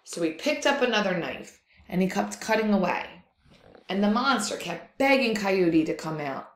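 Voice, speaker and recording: Lively storytelling woman in an echoey room. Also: mid-range voice, moderate pace, slight background noise. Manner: expressive, lively read-aloud. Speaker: teacher. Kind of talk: storytelling for a lesson.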